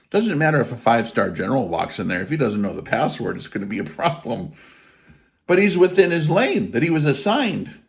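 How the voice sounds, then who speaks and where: Lively, emphatic man teaching on faith. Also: a little high. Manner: emphatic, blunt, with casual swearing. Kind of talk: informal spiritual teaching.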